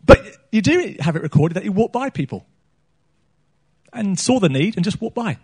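A man's voice: high voice, very animated, moderate pace, a little mellow, slightly rough. A man preaching a sermon on a small church stage, chatty and joking, throwing questions out to the congregation.

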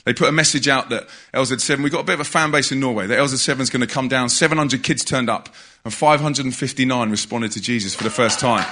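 Bright-voiced joking preacher. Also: male voice, medium pitch, fast. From England. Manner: jokey, conversational, calls out to the congregation. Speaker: visiting preacher. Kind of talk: lively church talk. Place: church hall.

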